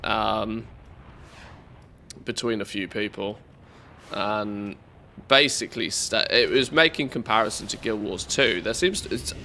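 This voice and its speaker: A man's voice: lowish voice, a little slow, sharp tone, a little hiss or hum. Congested man streamer chatting casually. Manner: rambling, many fillers and restarts. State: congested from a cold. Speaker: game streamer. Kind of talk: casual live-stream chat.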